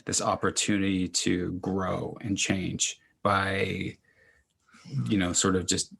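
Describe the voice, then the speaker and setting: A man's voice: low-pitched, flat delivery, slow, gravelly, a bit bright, husky. A man hosting a podcast interview, supportive and rambling, with lots of fillers. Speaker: podcast host. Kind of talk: casual interview chat.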